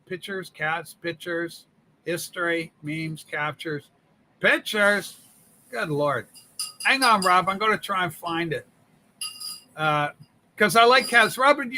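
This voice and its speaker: A man's voice: high voice, pushed and bright, heavily acted. A man playing Rachel, a flamboyant, gossipy woman who fusses and scolds in mock scandal during comedic livestream banter. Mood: chatty. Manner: campy, chatty, mock-scandalized.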